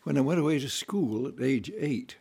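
A man telling family stories in a relaxed, folksy way, acting out voices and sounds as he goes. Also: medium pitch, moderate pace, gravelly, breathy edge. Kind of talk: relaxed anecdotal storytelling.

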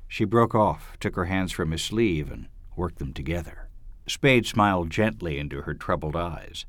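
Man, audiobook reading, dramatic, expressive, dry close sound. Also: deep voice, normal speed, no echo.

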